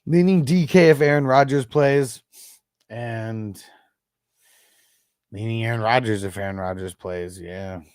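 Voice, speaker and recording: A man's voice: mid-range voice, unhurried, long pauses, darkish tone, clean tone, dry recording, studio quality. A man in his thirties hosting a fantasy football livestream, chatting casually with viewers in a laid-back, slangy way, with frequent swearing and laughter.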